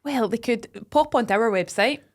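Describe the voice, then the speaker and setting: A woman co-hosting a podcast in casual chat, cheerful and quick to laugh. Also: on the high side. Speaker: podcast co-host.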